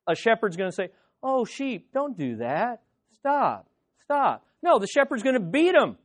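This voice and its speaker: Here a pastor preaches with dramatic flair, pressing the congregation with rhetorical questions and calls for amen. The voice sits at a medium pitch, moving between hushed softness and loud intensity.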